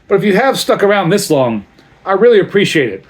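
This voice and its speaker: A man with a slightly high voice talks through a beer tasting in a relaxed vlog. He rambles and digresses into long stories, chatty and unhurried, before coming back to the beer. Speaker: beer reviewer. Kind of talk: casual beer review vlog.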